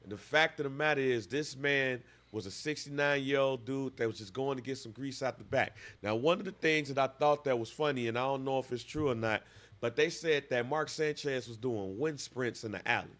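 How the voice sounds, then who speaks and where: A man's voice: mid-range voice, brisk, fairly bright tone. A man in his thirties, a podcast co-host, telling a story with lots of animation and acting out voices in casual chat.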